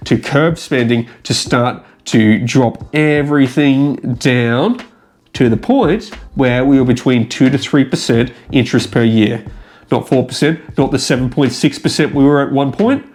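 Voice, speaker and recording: A man's voice: a little high, a little mellow. A man with an Australian accent, explaining finance in a chatty, emphatic vlog, often addressing viewers as guys. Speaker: finance vlogger.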